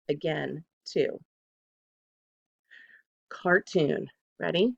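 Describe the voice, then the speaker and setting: A second grade teacher giving a recorded phonics lesson to children, patient and deliberate, saying each word twice to model it. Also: mid-range voice, vocal fry, highs cut off.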